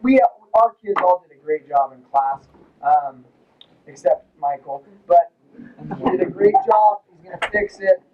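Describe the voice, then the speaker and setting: Male coach with a high voice, rambling and joking through a banquet speech in a lodge hall. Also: lively intonation, moderate pace, lo-fi sound. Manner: casual, rambling, joking with the audience. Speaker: wrestling coach.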